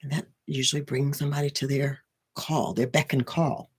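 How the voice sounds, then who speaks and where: Husky, rambling spiritual coach. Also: medium pitch, flat delivery, moderate pace. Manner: rambling, full of restarts and tag questions. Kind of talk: casual teaching talk.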